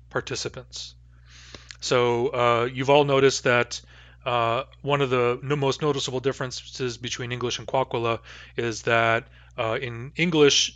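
A man's voice: medium pitch, a bit bright, no room sound. Male teacher explaining grammar over a video call, hesitant, many restarts, slightly dull sound. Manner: thoughtful, halting with many fillers and restarts. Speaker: linguistics teacher. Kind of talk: online lecture.

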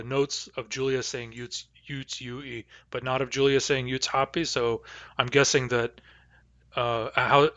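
Careful, bright-voiced man teaching a class. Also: medium pitch, dry recording, muffled recording. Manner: slow, careful explanations with many fillers. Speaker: language teacher. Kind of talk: online language class.

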